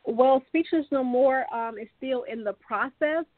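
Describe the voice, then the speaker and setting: A woman author, a guest on a radio interview, speaking haltingly with many fillers and restarts. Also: high voice, no room sound. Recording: tinny phone line.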